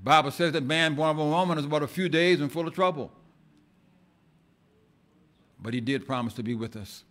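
A male pastor delivers an impassioned sermon in a church, with a fairly high voice. He swings from loud, emphatic lines to hushed asides, often restarting and repeating words as he builds his point. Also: normal speed, long pauses.

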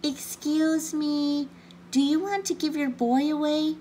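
A woman's voice: a little high, animated, a little slow, warm tone, slight background noise, voice pushed up. A woman voicing an eager, polite little male puppy in a storybook reading. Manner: hopeful, polite, chatty.

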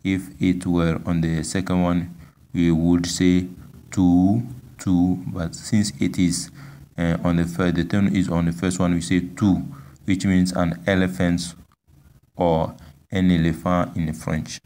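A man with a very deep voice gives a language lesson, speaking slowly and flatly. He repeats each word with patience and pauses often to hesitate. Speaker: language teacher. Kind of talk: slow spoken language lesson.

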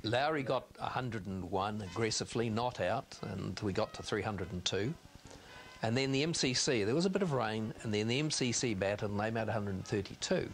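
A man's voice: on the low side, animated, normal speed. New man recounting cricket history. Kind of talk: documentary recollection.

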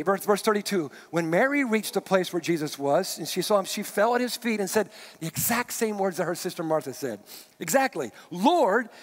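High-voiced pastor preaching in a reverberant sanctuary. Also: male voice. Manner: conversational, with asides and quick restarts. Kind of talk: sermon with scripture reading. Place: church sanctuary. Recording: long reverb of a large hall.

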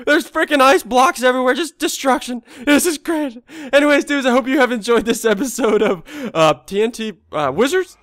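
Male gaming host, stuffy and congested, high-pitched and very animated; yelps and trash-talks through live commentary. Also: quick pace.

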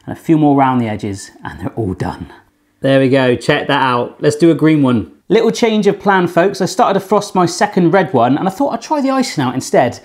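Man, home baker, casual cooking tutorial, jokey and chatty, a bit higher-pitched voice. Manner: chatty and playful, cracking puns and jokes. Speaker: self-taught home baker hosting a cooking channel. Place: home kitchen.

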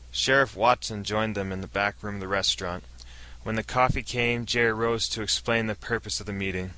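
A man narrating a science fiction story in a steady storytelling read. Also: lowish voice, a little fast, no room sound, low-quality recording.

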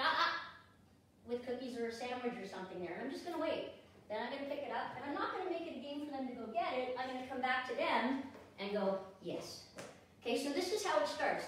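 A woman dog trainer teaching a hands-on lesson, giving the dogs brisk commands between explanations. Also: high-pitched, recorded from a distance, slight background noise. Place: indoors at home with dogs. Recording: echoey room, voice from off the mic.

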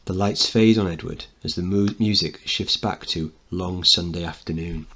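A male teacher reading a play aloud and pausing to explain it. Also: low-pitched. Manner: explanatory, quiet asides. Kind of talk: dramatic reading with analysis.

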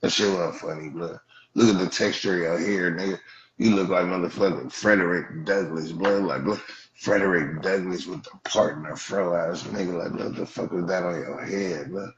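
This man, a livestream host, mocks his callers in a profane roast, repeating "blood" again and again in a Los Angeles Black English accent. He speaks in a deep, steady voice at normal speed, captured in dull lo-fi stream audio.

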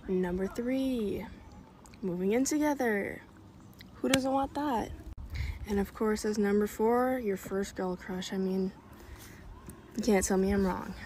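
A woman's voice: mid-range voice, measured pace, long pauses. A woman chatting to camera in a brash, crude, joking way. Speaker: TikTok creator. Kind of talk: casual chat to camera. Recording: noisy phone recording.

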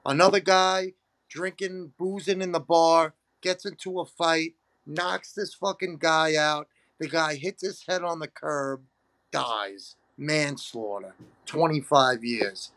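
A man's voice: a little high, steady tone, takes it slowly, a bit bright, no echo. Blunt, profane man. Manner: blunt and profane, calls the guest "bro". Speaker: podcast host. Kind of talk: casual chat.

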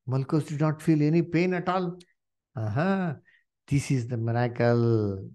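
Animated preacher with a lively voice. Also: male voice, medium pitch, measured pace. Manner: animated, many "you see" and "uh" fillers; addresses listeners as "dear brethren". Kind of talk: Bible study sermon.

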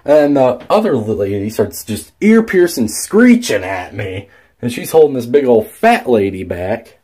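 A man's voice: medium pitch, sing-song, a little slow, mellow, breathy edge. A young man telling a story in a casual vlog, rambling with many fillers and restarts and swearing freely. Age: young adult. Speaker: vlogger.

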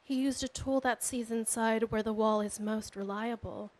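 A woman poet giving a measured, expressive reading of her own prose poetry. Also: fairly high pitch, low-quality recording. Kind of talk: literary reading.

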